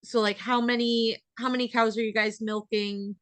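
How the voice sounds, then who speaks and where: A woman's voice: a little high, level tone, moderate pace, no echo. A young adult woman with an American accent, a dairy farmer hosting a casual interview podcast and talking in a rambling way full of fillers.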